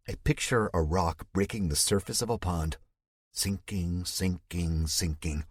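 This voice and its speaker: Deep husky male audiobook narrator. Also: dry recording, clean studio sound. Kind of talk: first-person audiobook narration.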